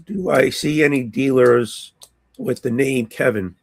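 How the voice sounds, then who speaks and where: Gravelly hoarse man playing a tabletop game. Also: mid-range voice, expressive, measured pace. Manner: hesitant, thinking aloud, many ums. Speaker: player.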